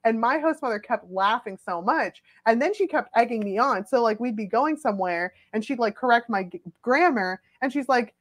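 A young adult woman telling funny personal stories in a casual, animated chat, full of "like" fillers. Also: a little high, normal speed, hardly any pauses. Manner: chatty, filler-heavy, animated.

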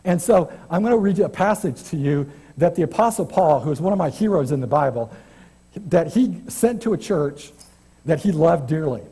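A man's voice: a little high, expressive, moderate pace, dark tone, breathy edge. A man preaching an informal, chatty church sermon as a guest preacher, self-deprecating and often restarting his sentences. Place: church sanctuary.

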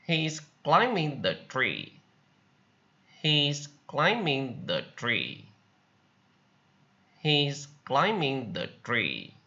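Man, English teacher, very slow drilled repetition, lively bright tone. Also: mid-range voice, highs cut off. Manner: repeats each word and sentence slowly for learners to copy. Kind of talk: vocabulary drill lesson.

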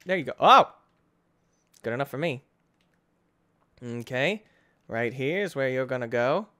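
A young man giving excitable playthrough commentary, breaking into sudden high yelps and self-mocking groans. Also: measured pace. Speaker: gaming channel host.

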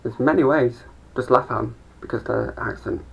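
A man's voice: medium pitch, normal speed, gravelly, breathy edge. A young man rambling through a sweary stand-up monologue with mumbled asides. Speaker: amateur comedian. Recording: dull lo-fi home recording.

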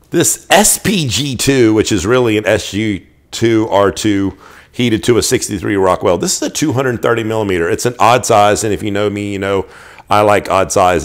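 A middle-aged man casually showing off his knives, enthusiastic and rambling, often restarting his sentences. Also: lowish voice. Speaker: knife collector reviewing knives. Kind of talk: casual show-and-tell.

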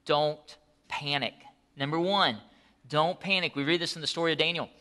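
A man preaching a sermon as pastor, telling the story in an animated, conversational way with asides. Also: on the high side, fast.

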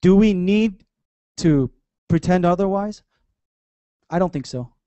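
A man preaching a sermon in church, conversational and animated, with playful asides to the congregation. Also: high voice, takes it slowly, smooth, no echo, muffled recording. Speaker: pastor.

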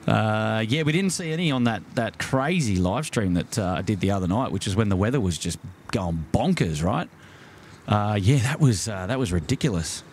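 An Australian man talks easily as he hosts a night-time live stream from a waterfront jetty. He greets viewers one by one in a relaxed, conversational way, with frequent fillers and restarts. A faint outdoor noise sits behind his voice. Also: lowish voice, normal speed. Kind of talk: casual live stream chat.

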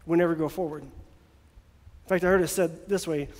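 A man's voice: on the high side, steady tone, normal speed, a little mellow. A man preaching a sermon in a casual, joking way, sometimes acting out voices, recorded in a church. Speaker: pastor. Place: church sanctuary. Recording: long hall reverb.

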